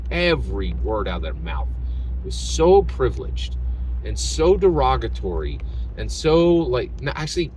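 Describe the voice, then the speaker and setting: A man's voice: fairly low pitch, a little hiss or hum. A man hosting his channel, telling a story as a rant and tagging his sentences with "right?". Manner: animated, tags sentences with "right?". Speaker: channel host.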